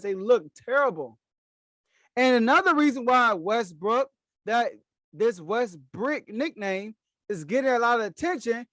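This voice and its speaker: A man's voice: very high voice, a bit bright, no echo. A man hosting a solo sports podcast, giving emphatic opinion commentary and repeating his key phrases for weight.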